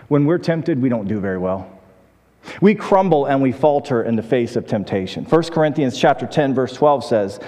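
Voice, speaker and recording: A man's voice: fairly high pitch, darkish tone, big-room sound. A male pastor preaching a conversational sermon, telling stories and often restarting his words.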